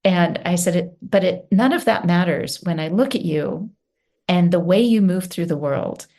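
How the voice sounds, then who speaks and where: Brief: reflective woman host, lower voice, laughs through her words. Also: normal speed, dark tone. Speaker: podcast host. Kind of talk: casual chat.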